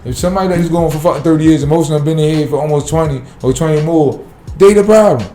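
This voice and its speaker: A man talks fast and bluntly, swearing freely, his pitch sitting a little high and his tone dark and mellow. The room echoes around him, with faint music underneath. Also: fairly even intonation. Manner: blunt, profane, fired-up. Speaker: city sanitation worker, guest. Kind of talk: casual podcast interview.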